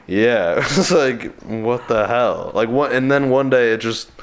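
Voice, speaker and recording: A man's voice: mid-range voice, unhurried, a crowd in the background. A man co-hosting a podcast in loose, joking conversation, laughing often. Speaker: podcast co-host. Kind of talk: casual chat.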